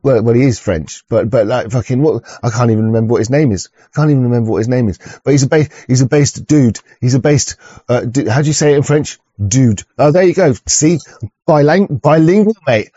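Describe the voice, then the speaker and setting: A man's voice: medium pitch, brisk, mellow, slightly rough, dry recording. A man hosting an online show, talking in a crude, rambling way, swearing often and stumbling over restarts. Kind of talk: rambling casual monologue. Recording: dull lo-fi recording.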